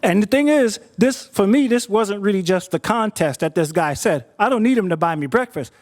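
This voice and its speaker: A man's voice: high-pitched, lively intonation, moderate pace. A man telling a personal story to an audience, conversational and doubling back on his words. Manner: conversational, repeats words while thinking.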